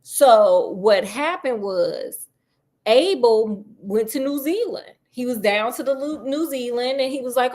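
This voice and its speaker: A woman with a fairly high voice retells a classic novel in loose, slangy chat. She keeps cracking jokes and throwing in asides as she goes. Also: measured pace. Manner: slangy, joking, animated. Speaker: storyteller host.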